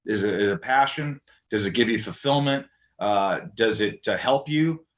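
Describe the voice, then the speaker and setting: A man telling stories as a podcast guest, animated, acting out the voices of people he quotes. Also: on the low side, unhurried, echoey room. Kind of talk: casual storytelling conversation.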